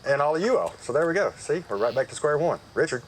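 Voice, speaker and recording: A man's voice: fairly high pitch, lively intonation, fairly quick, slight background noise, rough recording. A man gives a personal church testimony outdoors. He tells it in a folksy, conversational way with frequent fillers. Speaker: church member giving testimony. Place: outdoor worship service.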